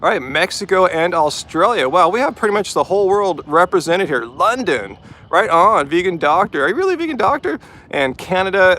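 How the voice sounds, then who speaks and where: A man's voice: fairly high pitch, bright, forceful tone. A man hosting a casual live-chat Q&A from a vehicle after a run, easygoing and chatty with lots of "like" and "um". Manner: easygoing, chatty, heavy use of "like" and "um". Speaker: host of a live stream.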